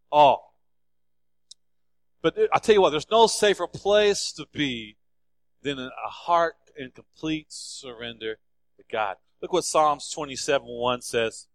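A man's voice: on the high side, a bit bright, no room sound. A male pastor preaching a sermon in an emphatic, repetitive style.

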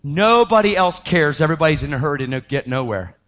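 A man preaching a sermon, telling a story with lively energy and acting out the voices of the people in it. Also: fast. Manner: animated, acts out quoted voices, pitch jumping up when excited.

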